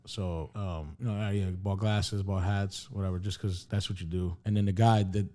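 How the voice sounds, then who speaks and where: A man's voice: low-pitched, steady tone, normal speed, warm tone. A man co-hosting a podcast, telling a rambling travel story in casual chat, swearing a lot and acting out what people said. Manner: rambling storyteller, heavy swearing, acts out dialogue.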